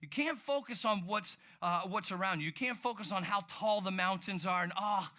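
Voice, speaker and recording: Bright, animated male preacher. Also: high voice, normal speed. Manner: animated, storytelling with sudden outbursts. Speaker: pastor. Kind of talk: sermon.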